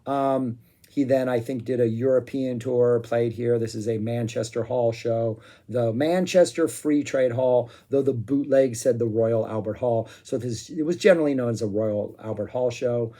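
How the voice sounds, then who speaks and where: A man talks through a music review in a loose, casual way, getting excited and wandering off on asides. His voice sits at an ordinary middle pitch, and he scatters "um"s as he thinks aloud. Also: moderate pace. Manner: excitable and rambling, with many "um"s.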